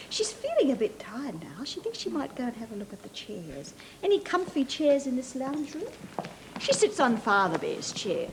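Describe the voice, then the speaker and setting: Australian kids' TV presenter, lively storyteller who coaxes answers, hissy tape. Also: female voice, a little high, moderate pace. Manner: animated, questioning, coaxing. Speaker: children's TV presenter. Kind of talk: storytelling to young children. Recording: hissy old 1980s TV tape.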